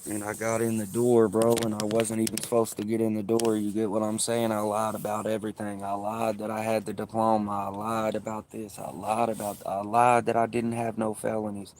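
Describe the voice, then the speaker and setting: A man's voice: on the low side, completely flat delivery, a little fast, few pauses, noisy background. A man telling stories on a livestream in blunt, profane, laid-back street talk. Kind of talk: casual storytelling on a livestream.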